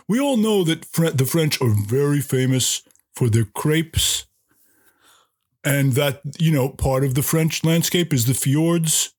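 A man calling in to a comedy podcast, pitching absurd business ideas with a mock-grand pitchman delivery. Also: a little slow, darkish tone, husky. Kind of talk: comedic podcast call-in bit.

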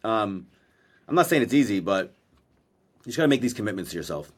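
Low-voiced guy talking fast on a podcast call, blunt, swears a lot. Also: very animated. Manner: blunt, profane, fast-talking verbal processor. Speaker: podcast co-host. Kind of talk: casual chat. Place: Maui. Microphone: video call.

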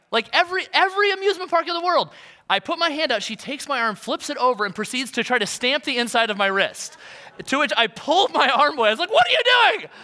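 A young man preaches a sermon, telling stories about himself with easy, self-deprecating humor. His voice sits high and sounds bright and forward. He talks like he is chatting with the congregation. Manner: conversational storytelling, self-deprecating. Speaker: pastor.

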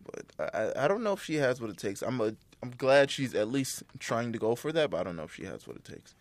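A man's voice: mid-range voice, big pitch swings, fast, dry recording. A man co-hosting a casual podcast chat, giving rambling, profane opinions with lots of fillers.

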